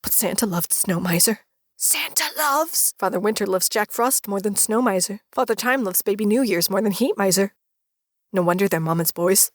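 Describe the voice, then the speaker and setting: A woman reviewing old holiday films in a comedic voice-over, animated and dramatic, breaking into shrieking outbursts. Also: medium pitch, a little fast, no room sound.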